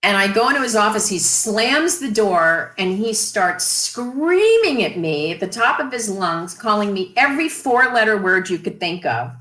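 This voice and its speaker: A woman telling stories as an interview guest, animated and lively in her telling. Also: medium pitch, normal speed, hardly any pauses. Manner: animated storyteller. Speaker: guest, radio industry executive. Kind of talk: casual interview storytelling. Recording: roomy echo.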